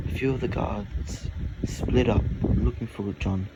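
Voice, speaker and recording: A man improvising a fantasy story, talking slowly and haltingly in short phrases. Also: lowish voice, fairly even intonation, creaky, heavy background noise.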